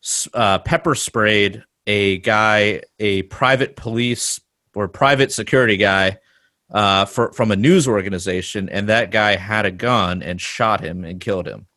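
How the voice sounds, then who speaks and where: A man's voice: fairly low pitch, unhurried, pushed and bright, no echo. A man chatting casually with friends, hesitant with many fillers. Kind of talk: casual chat.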